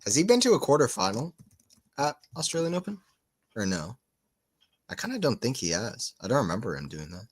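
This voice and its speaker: A man's voice: medium pitch, sing-song, a little fast, long pauses, husky. A man giving casual live tennis commentary for a watchalong stream, just woken up, rambling into chatty asides between calls of the points. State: just woke up.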